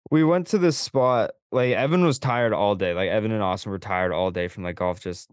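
A man's voice: fairly low pitch, fairly quick, no room sound, studio quality. A young man co-hosting a podcast, telling stories in casual chat, acting out quoted dialogue and swearing freely. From Canada. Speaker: podcast co-host.

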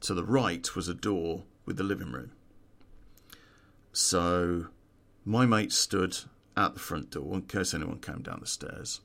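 A man's voice: deep voice, measured pace, creaky, fairly bright tone. A man, telling a true-crime story in a casual, profane way and laughing at his own story.

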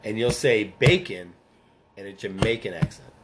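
Man, casual movie chat, teasing banter, very lively up-and-down pitch. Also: moderate pace, very noisy. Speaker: podcast co-host.

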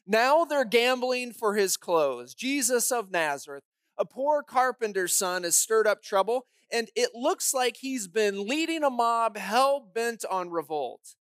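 A woman's voice: a little high, animated, measured pace, dry recording. Woman pastor, sermon, dramatic emphatic storyteller, dry close recording. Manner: dramatic, emphatic storytelling with pointed rhetorical questions.

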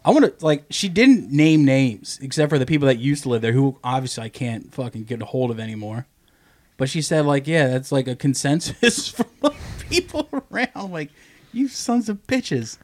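A man on a casual podcast telling a story, swearing a lot and jumping into a high, goofy voice when he quotes people. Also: expressive, fairly quick, darkish tone. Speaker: podcast co-host. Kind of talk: casual chat.

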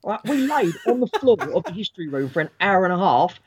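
A man in his forties telling a school story in casual chat, animated and swearing freely, acting out the people he quotes. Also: high-pitched, a little fast, slight background noise.

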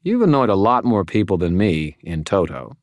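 A man's voice: deep voice, very animated, normal speed, no echo, voice pushed up. A man voicing a tough, weary woman police detective in an audiobook, with a blunt, dry way of talking. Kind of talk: audiobook character voice.

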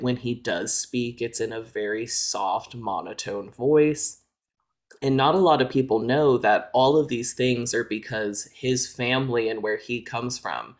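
A man co-hosts a relaxed podcast, talking things through in long explanations. His talk is loose and casual, full of "like" fillers as he goes. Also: mid-range voice. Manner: explanatory, filler-heavy with frequent "like". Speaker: podcast co-host. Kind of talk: casual chat.

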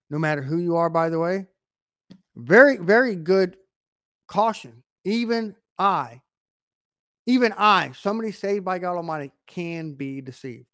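A man's voice: sits high, no echo, clean studio sound. A man preaching a conversational sermon, adding frequent asides and repeating phrases for emphasis.

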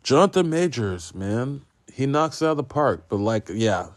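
A man's voice: medium pitch, sing-song, normal speed, dry recording. A man hosting a podcast, giving a casual solo film review in a rambling, profane, self-mocking way. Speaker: podcast host reviewing films.

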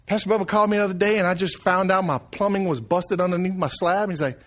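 Middle-aged man, high-pitched, folksy pastor preaching conversationally. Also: fast, hardly any pauses, fairly bright tone. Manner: folksy, conversational preaching with call-outs to the congregation. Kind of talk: sermon.

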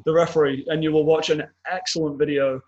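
A man's voice: a little high, flat delivery, fairly quick, a little mellow, lo-fi sound. A man co-hosting a casual football podcast, chatty and leading the segments as he tells stories. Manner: chatty storyteller, leads the segments. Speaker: podcast co-host.

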